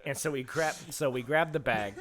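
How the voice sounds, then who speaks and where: A man's voice: mid-range voice, moderate pace, crowd noise. A young man casually telling a rambling, profane story on a podcast, laughing as he goes. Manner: rambling, profane, laughs through his stories. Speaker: podcast co-host.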